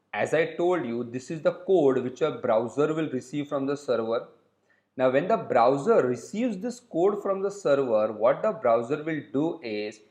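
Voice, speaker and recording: A man's voice: fairly high pitch, darkish tone, reverberant. A man teaching a recorded web development lesson, explaining step by step and often checking in with "okay?". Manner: explains slowly, repeats points and checks in with "okay?". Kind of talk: recorded coding lecture.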